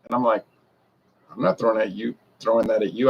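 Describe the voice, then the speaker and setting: A man's voice: mid-range voice, a little fast, creaky, slightly rough, dull audio. A man in his forties who reviews whiskey, rambling and a bit defensive as he talks straight to his viewers. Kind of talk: casual talk to camera.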